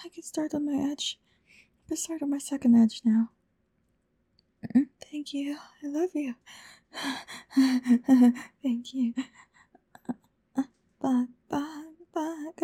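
Woman, whispered role-play, high voice, gravelly fry, breathy pleading tone. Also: slow, pauses often, warm tone. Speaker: audio role-play performer.

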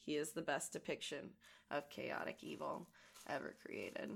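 A woman with a gravelly voice today, chatting casually and rambling as she crafts. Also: low voice, fairly even intonation, moderate pace. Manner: rambling and chatty, many fillers. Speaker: audio creator and crafting vlogger. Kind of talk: casual chat while crafting.

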